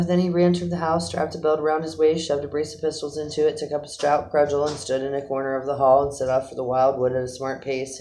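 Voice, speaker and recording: A man narrating a children's animal story aloud in an expressive storytelling manner. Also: fairly high pitch, a little hiss or hum, poor audio. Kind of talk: storybook reading.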